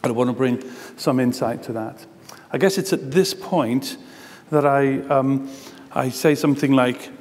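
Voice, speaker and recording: A man's voice: medium pitch, unhurried, a little mellow. A man with a Gibraltarian accent giving a chatty conference talk, with many ums. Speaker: conference speaker. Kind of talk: conference presentation. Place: conference hall. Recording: long hall reverb.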